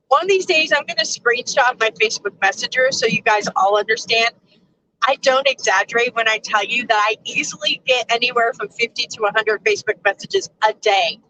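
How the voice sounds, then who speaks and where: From her truck cab, a woman trucker hosts a casual live stream, reading viewer comments, chatting with them, and laughing often. Her voice is a little high, with background noise.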